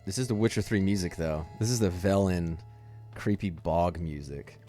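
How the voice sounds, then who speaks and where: A streamer playing a game mod jokes and rambles casually, swearing now and then, with faint game music in the background. His low voice is warm and moderately paced.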